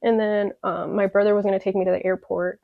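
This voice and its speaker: A woman's voice: medium pitch, level tone, quick pace, gravelly, dry recording. A young woman from Chicago telling her story in a candid vlog, emotional and profane, rambling with lots of fillers. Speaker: vlogger. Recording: dull lo-fi dry audio.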